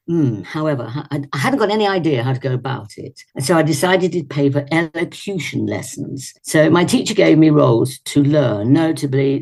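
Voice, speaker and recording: Husky older woman recalling her stage start. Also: low voice. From Leicester, England. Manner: chatty and animated, with little laughs and self-corrections. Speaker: guest actress and singer. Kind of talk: reminiscing in a casual interview. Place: indoors at home. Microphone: video call.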